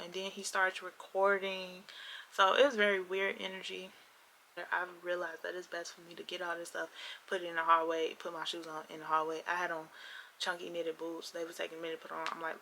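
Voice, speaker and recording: Young woman vlogger, lowish pitch, gravelly, emphatic storyteller, faint room hum behind. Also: level tone, normal speed, pushed and bright. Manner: emphatic storyteller who acts out both sides of an argument. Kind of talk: storytime vlog.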